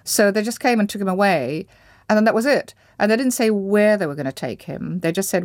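A woman from Indonesia, an interview guest, thoughtfully recalling her past with pauses and restarts as she searches for words. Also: medium pitch, animated, dry recording, studio quality. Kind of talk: reflective personal recollection.

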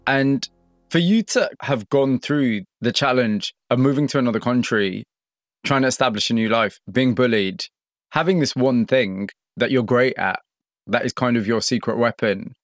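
A man hosting a radio interview program, narrating with a measured storytelling delivery and questioning a guest. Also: medium pitch, no echo, clean studio sound. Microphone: studio microphone.

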